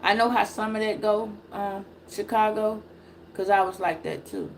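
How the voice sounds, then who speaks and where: A middle-aged woman giving a casual live-stream tarot reading, preachy and profane, with loud emphatic bursts. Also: mid-range voice, moderate pace, slight background noise. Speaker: tarot reader.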